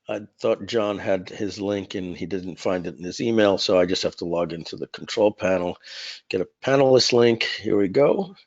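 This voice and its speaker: A man's voice: on the low side, dull audio. A man hosting a live webinar in a casual, rambling way, with many "uh" fillers, talking into a computer mic. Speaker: webinar host.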